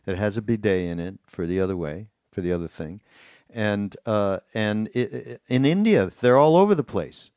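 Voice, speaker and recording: A man hosting a podcast, talking in a relaxed, rambling way with lots of "uh"s. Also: lowish voice, moderate pace, dry recording, studio quality. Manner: relaxed and rambling, with many fillers and restarts. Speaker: podcast host. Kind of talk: casual chat.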